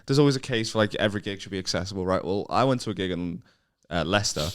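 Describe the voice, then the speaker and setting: A man's voice: low-pitched, lively intonation, racing. A man co-hosting a comedy podcast, telling rambling anecdotes in casual banter and swearing freely.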